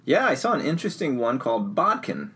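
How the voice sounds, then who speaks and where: A man's voice: mid-range voice, very animated, quick pace, bright, forceful tone, slightly rough. A man co-hosting a podcast, chatting in an easygoing, rambling way with wry humor. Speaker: podcast co-host. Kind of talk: casual chat.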